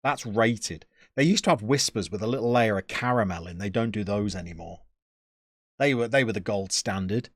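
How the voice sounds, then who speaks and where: A man's voice: fairly low pitch, normal speed, no echo, studio quality. A man, chatting casually as a streamer and answering his live chat with joking, opinionated banter.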